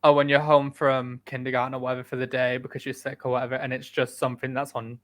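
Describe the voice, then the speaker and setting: A man's voice: medium pitch, flat delivery, fast talker, a bit bright. A man from the United Kingdom co-hosting a podcast, chatting casually with dry, sarcastic asides. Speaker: podcast co-host. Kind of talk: casual chat.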